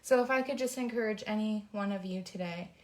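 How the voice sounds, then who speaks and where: A woman's voice: mid-range voice, brisk, a little mellow. Earnest fired-up woman vlogger. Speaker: host of a faith-based vlog. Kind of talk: heartfelt encouraging talk. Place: indoors, folding t-shirts.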